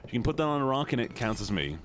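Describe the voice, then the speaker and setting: A young man streams a game, joking playfully with his chat, reacting to messages and often breaking into silly voices. His mid-range voice is very animated and fast. A little hiss or hum is audible.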